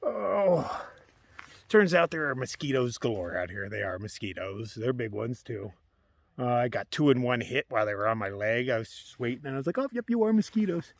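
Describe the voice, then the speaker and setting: A man's voice: medium pitch, a little fast, slight background noise. A man vlogging casually outdoors on a long trail hike, chatting in a rambling way and sometimes dropping to a whisper. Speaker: thru-hiker vlogger.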